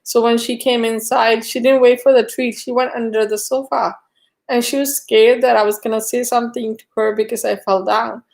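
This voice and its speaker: A woman's voice: little pitch movement, moderate pace, vocal fry, a little mellow. A woman chatting casually on a live stream, telling a rambling story full of fillers. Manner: high cooing baby talk to her dog.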